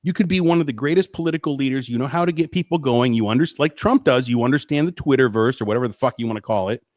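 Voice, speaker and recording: A man's voice: mid-range voice, racing, a little mellow, no room sound, studio quality. A man hosting a live stream, ranting in a profane, exasperated and rambling way. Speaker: host.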